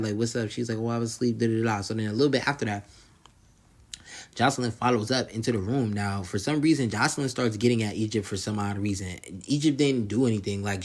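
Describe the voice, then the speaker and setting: Slangy man recapping a reality show. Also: lowish voice. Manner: slangy, laughs often, acts out quotes loudly. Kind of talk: casual recap and commentary.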